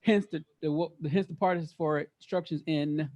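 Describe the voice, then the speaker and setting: High-voiced man teaching a Bible study. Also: normal speed. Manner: lively, quizzes the group, repeats words for emphasis.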